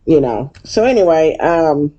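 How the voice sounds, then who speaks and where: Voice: mid-range voice, big pitch swings, unhurried, mellow, lo-fi sound. A vlog host giving a blunt, profane, gossipy recap of a reality TV episode.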